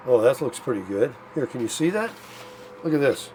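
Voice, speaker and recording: A man's voice: mid-range voice, very animated, normal speed, darkish tone, a little hiss or hum. An older man chatting casually while cooking at his RV, folksy and a little out of breath. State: tired, short of breath. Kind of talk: casual vlog chat to camera. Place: RV park, indoors and out.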